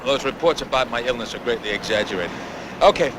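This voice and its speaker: An actor playing a wry police detective with a cold in a 1960s TV crime drama. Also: male voice, medium pitch, fairly bright tone, lightly acted. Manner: brisk and wry. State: has a cold. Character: brisk, wry male detective fighting a cold. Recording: noisy old TV soundtrack.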